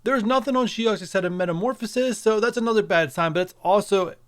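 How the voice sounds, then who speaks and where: Guy with a fairly high voice chatting about game updates, speculative, keeps saying guys. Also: fast talker. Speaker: mobile game video creator. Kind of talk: casual game commentary over screen capture.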